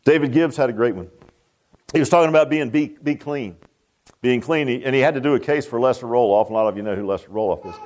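A man preaching a sermon, emphatic, with dramatic swings in pitch. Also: quick pace, darkish tone.

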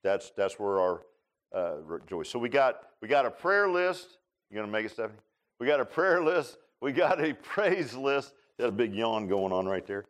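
A medium-pitched male voice at a moderate pace belongs to a pastor preaching in a church sanctuary. His folksy, animated sermon includes laughter, jokes with the congregation, and people called on by name.

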